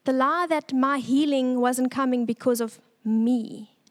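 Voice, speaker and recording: Tearful high-voiced woman giving testimony. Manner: tearful, earnest, pausing. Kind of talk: emotional church testimony.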